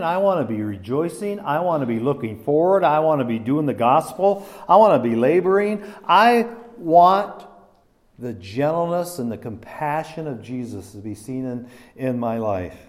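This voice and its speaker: A man's voice: fairly high pitch, expressive, unhurried. A man preaching a sermon in a conversational, self-deprecating way, with many restarts and fillers. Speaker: pastor.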